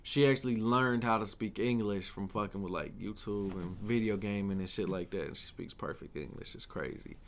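A man's voice: on the low side, a little fast, few pauses, slight background noise. A young man co-hosting a podcast, chatting casually with lots of slang and swearing. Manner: profane, laid-back slang, frequent "you know what I'm saying". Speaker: podcast co-host. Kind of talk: casual chat.

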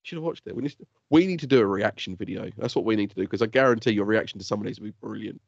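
A man co-hosting a casual podcast, excitable and teasing, laughing often. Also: fairly low pitch, rapid-fire, gravelly, no room sound. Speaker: podcast co-host. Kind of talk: casual chat. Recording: dull lo-fi dry podcast audio.

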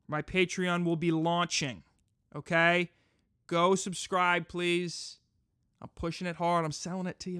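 A podcast host doing a crude, profane comedic monologue, ranting in a mock-pompous way. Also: male voice, high voice, steady tone, normal speed, a bit bright, no echo, clean studio sound.

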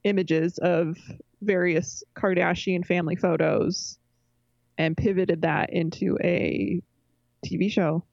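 A woman's voice: lowish voice, fairly even intonation, slow, vocal fry, darkish tone, dry recording, lo-fi sound. A woman co-hosting a casual podcast, chatty and opinionated, laughing often. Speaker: podcast co-host. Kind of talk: casual chat.

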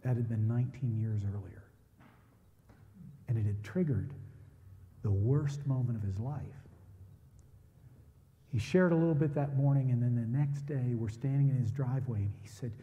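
A man's voice: mid-range voice, normal speed, pauses often, lo-fi sound. A man preaching a sermon, telling a story and animatedly acting out the voices in it. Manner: animated storyteller who acts out quoted voices. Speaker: pastor. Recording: hall reverb.

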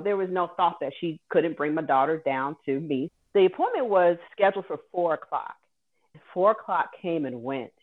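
A woman telling an earnest, vivid personal story as a guest host. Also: sits low. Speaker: guest host sharing her caregiving story. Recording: tinny phone-like audio.

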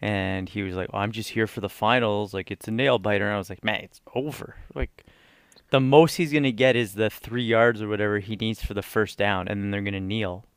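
A man's voice: on the low side, a little fast, clean tone, dry recording, studio quality. A man on a podcast, telling a story in casual chat, swearing freely and acting out what people said. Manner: animated storytelling, swears freely, acts out quotes. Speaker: podcast co-host.

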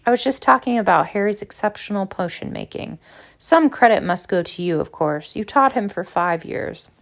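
A woman voicing a jolly, tipsy old male professor who talks loudly and effusively in a storybook reading. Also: medium pitch, animated, moderate pace, creaky. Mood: jovial. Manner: hearty, loud and effusive.

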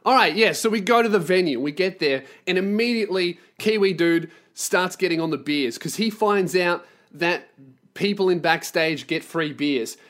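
A man with a slightly higher voice, telling a story on his podcast. He rants in a profane, sarcastic way. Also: normal speed, fairly bright tone. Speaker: podcast host and touring performer. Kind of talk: storytelling rant.

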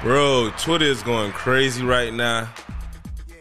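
A man hosting his own podcast, talking casually in an excitable, slangy, emphatic way. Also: medium pitch, slow pace, over music. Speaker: podcast host. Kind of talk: casual solo podcast commentary.

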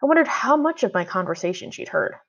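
A woman reading a children's storybook aloud, narrating in first person with expressive delivery. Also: medium pitch, fast talker. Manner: expressive, voicing a frustrated boy in first person. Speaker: audiobook reader. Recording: dull lo-fi audio.

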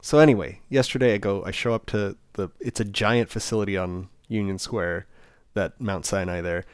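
A man with a fairly low voice tells a long personal story in a relaxed podcast chat. He gets animated and laughs, acting out the people he quotes. The sound is dry and close. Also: normal speed, clear, resonant tone, no echo. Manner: animated, laughing, acts out other people's lines. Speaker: podcast co-host.

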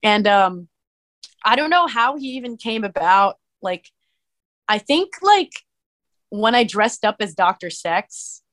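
A woman, a musician and streamer, chatting as a podcast guest and telling stories in an animated way, full of "like". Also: medium pitch, slow pace, pauses often. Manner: animated storyteller, many "like" fillers. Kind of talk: casual interview chat.

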